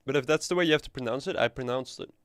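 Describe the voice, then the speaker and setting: A man's voice: mid-range voice, racing, a bit bright, clear, resonant tone, no room sound. Guy streaming a game, rambly and joking around, swears a bit. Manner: rambling, playful, swears casually. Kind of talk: casual live game stream chat.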